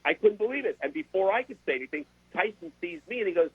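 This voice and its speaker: Older man, husky voice, animated storyteller, phone-like dry audio. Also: high voice, quick pace, no room sound. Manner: animated anecdote telling with repeated words. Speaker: guest sports broadcaster. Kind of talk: casual interview storytelling. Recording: dry, tinny phone-like sound.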